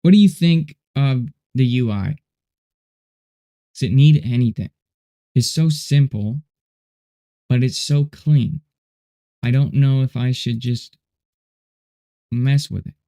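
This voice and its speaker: Male streamer, relaxed and rambling, mellow low-key voice, chats to his viewers while he works. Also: takes it slowly, pauses often. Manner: rambling, laid-back, says dude and you know a lot. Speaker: livestream host. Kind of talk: casual livestream chat while coding.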